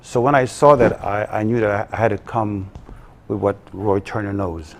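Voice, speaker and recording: Low gravelly man, halting. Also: steady tone, a little hiss or hum. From Belize. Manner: halting, many ums and restarts. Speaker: guest, production company co-owner. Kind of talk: live TV morning interview.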